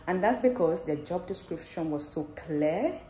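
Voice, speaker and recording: Nurse lady vlogging, kinda low mellow voice, bubbly and laughing a lot. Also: a little slow, a little hiss or hum. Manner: excited, laughs often, speaks directly to viewers. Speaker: nurse and theatre manager. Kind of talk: casual vlog testimony.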